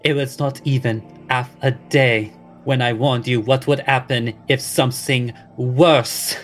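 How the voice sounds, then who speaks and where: Woman doing a severe cat-folk mentor, slow and deliberate, fantasy game. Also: a bass voice, fairly even intonation, faint music behind. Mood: stern.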